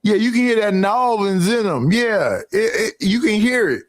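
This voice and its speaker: A man co-hosting a casual group podcast, talking slowly and stopping often to search for names. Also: high voice, very animated. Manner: drawling, searching for names with many fillers. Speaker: podcast co-host.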